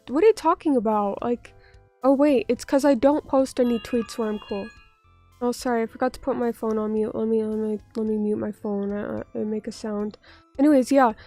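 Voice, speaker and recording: Woman streamer, high voice, recovering from a cold, chatty and self-mocking, dry close mic. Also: warm tone, no echo. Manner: chatty, self-deprecating, swears casually. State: still sick, recovering from illness. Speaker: vtuber streamer. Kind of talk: casual livestream chat, reading viewer comments aloud.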